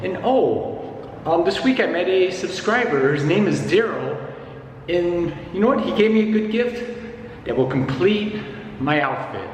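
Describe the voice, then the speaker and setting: A man with a somewhat high voice talks casually to his handheld camera, rambling from one thought to the next and poking fun at himself. The recording is full of street noise around him. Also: expressive, a little slow. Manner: rambling, chatty and self-mocking. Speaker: vlogger. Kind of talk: casual vlog chat. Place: outdoors in a city, walking about.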